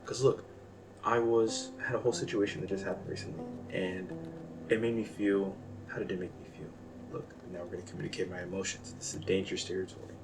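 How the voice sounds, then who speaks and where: A young man with a fairly low voice rambles through a casual personal monologue. He mocks himself and swings from quiet, subdued talk to sudden loud bursts. Music plays clearly behind him. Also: flat delivery, fast, recorded from a distance. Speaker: vlogger. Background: background music.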